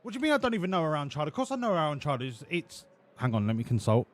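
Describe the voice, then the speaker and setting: A man streaming a racing game live, bantering with his chat in a profane, excitable way. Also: fairly high pitch, very fast.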